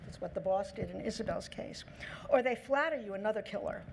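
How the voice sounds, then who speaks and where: A woman giving a lecture on negotiation, lively, acting out the quoted lines in her own voice. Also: medium pitch, fairly quick, gravelly, a little hiss or hum. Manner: lively, acts out quoted dialogue in her talk. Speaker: speaker on negotiation. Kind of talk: lecture talk.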